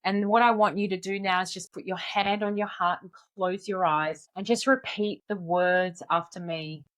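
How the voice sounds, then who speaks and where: A woman in her forties, a confidence coach, calmly and encouragingly guiding listeners step by step through an exercise. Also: mid-range voice, normal speed. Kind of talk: guided exercise instruction.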